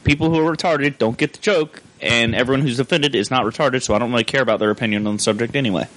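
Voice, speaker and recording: A man's voice: medium pitch, a little hiss or hum, rough recording. A young man co-hosting a casual podcast, brash and joking, laughing often. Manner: loud, brash, quick jokes, laughs a lot. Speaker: podcast host.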